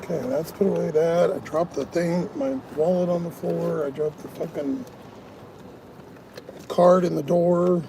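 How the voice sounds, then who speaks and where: Gravelly man ranting in a car. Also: fairly high pitch, steady tone, measured pace. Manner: frustrated, swearing, ranting. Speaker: food delivery driver. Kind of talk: live-stream venting while driving. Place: inside a parked car. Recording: car ambience noise.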